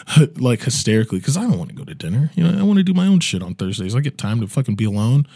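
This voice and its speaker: A man's voice: mid-range voice, big pitch swings, very fast, creaky, mellow, husky, no echo. A man telling a comedic story in casual chat, loose and profane, laughing often.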